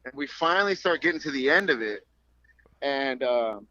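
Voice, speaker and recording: A man in his thirties, an MMA fighter guest on a remote call, telling stories in an animated, profane way and acting out the voices in them. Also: mid-range voice, moderate pace, no room sound. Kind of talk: casual storytelling interview. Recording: dull call audio.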